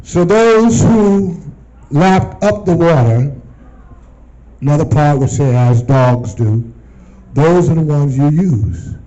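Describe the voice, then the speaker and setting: A man teaching from scripture to a group, often pausing to ask them questions and repeating phrases for them to answer. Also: fairly high pitch, animated, dark tone, muffled recording. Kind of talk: call-and-response Bible teaching.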